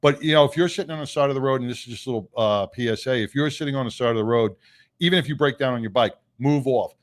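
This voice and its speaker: A man's voice: medium pitch, rapid-fire. A man hosting a casual radio talk show, rambling with lots of fillers and restarts. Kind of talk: casual on-air banter.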